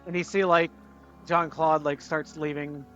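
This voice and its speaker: Bright-voiced male game master. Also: fairly high pitch, level tone, a little slow, highs cut off, soft background music. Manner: rambling, lots of fillers and restarts. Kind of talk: narrating a tabletop game.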